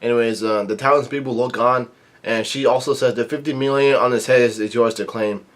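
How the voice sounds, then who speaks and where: A man casually recapping a manga chapter, rambling with many fillers and reading the dialogue out flatly. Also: medium pitch, brisk. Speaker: manga reviewer.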